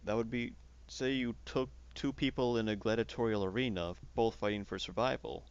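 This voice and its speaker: A man hosting a casual philosophical chat, rambling with halting restarts. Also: mid-range voice, fairly even intonation, smooth, dull audio. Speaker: podcast host.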